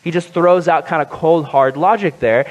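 A pastor giving a conversational sermon, animated and joking. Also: male voice, fairly high pitch, moderate pace, lo-fi sound. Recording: long hall reverb.

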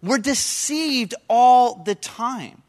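A man preaching a sermon to a congregation, telling animated stories and asking the listeners questions. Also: very high voice, drawn-out words. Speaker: pastor.

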